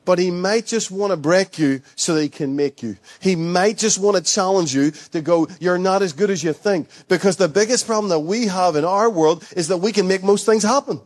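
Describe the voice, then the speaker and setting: A man's voice: high voice, moderate pace, few pauses. A man preaching to his church, telling a story in a conversational, jokey way and correcting himself as he goes. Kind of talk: sermon with storytelling.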